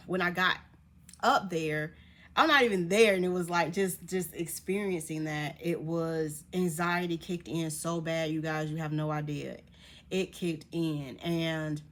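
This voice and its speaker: Young adult woman, lowish register, casual storytelling vlogger; animated, laughs a lot, acts out other people's lines. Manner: animated, laughs often, voices others in quotes.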